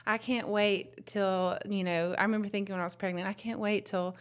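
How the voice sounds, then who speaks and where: A young woman, telling her story as a new mother in a soft, tender, rambling way. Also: mid-range voice, fairly even intonation, fairly quick, clear, resonant tone. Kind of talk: casual personal testimony.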